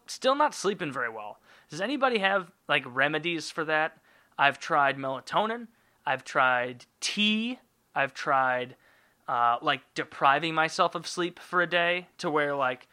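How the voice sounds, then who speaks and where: A man's voice: a little high, bright, forceful tone. A man hosting a podcast alone, rambling in a jokey, profane way. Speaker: podcast host. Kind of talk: casual solo monologue.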